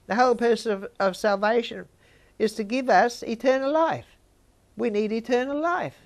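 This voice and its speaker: A woman's voice: on the high side, moderate pace. An older woman, giving informal Bible teaching and chatting with her listeners. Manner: conversational, chats with listeners.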